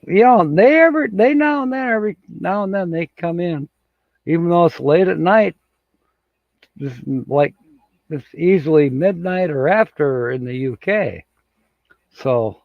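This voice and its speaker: A man's voice: on the high side, slow, creaky, pauses often, dry recording, phone-quality sound. A man hosting a casual livestream, reading out viewer comments and chuckling often as he rambles along. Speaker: livestream host. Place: home studio with green screen.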